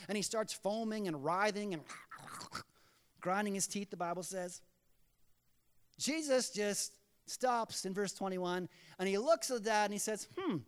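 A man preaching a sermon in a church, telling scripture scenes in an animated way. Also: high voice, clean tone. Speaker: pastor. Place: church sanctuary. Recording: long reverb of a church hall.

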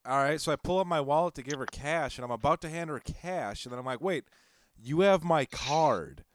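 A man's voice: a little high, fast, fairly bright tone, smooth, dry recording, clean studio sound. A man in a casual chat who laughs often and adds remarks to his friend's story.

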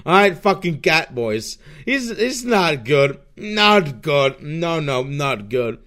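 Profane, slow-talking man ranting solo. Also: on the high side, sing-song, fairly bright tone. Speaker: podcast host. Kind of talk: solo rant podcast.

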